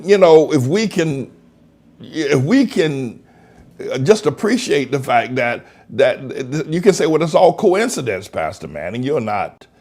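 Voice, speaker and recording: A man preaching with a gravelly edge in his voice. His pitch rises and falls widely as he leans hard on words he wants to stress. He circles back over phrases while he builds his point. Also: a little mellow. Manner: emphatic preaching, drawn-out stressed words, repeats himself. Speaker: pastor. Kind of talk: sermon broadcast.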